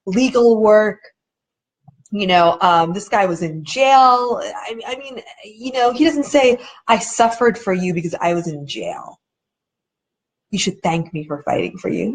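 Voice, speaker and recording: A woman with a somewhat high voice hosts a casual live video chat. She speaks earnestly and conversationally, slipping into other people's voices when she quotes them. Now and then she stalls and restarts while searching for a word. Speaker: documentary director hosting a live chat.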